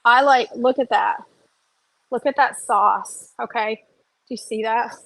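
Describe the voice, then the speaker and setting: A woman's voice: a little high, a little slow, creaky, fairly bright tone, a little hiss or hum. A woman, chatting casually through a cooking vlog and often checking in with "okay?". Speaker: cooking vlogger.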